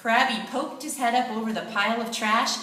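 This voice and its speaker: Bright, animated female storyteller for a kids' play; echoey room, mic set back. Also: fairly high pitch, brisk. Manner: lively, expressive storytelling. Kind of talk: children's play narration. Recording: echoey room, distant mic, faint noise.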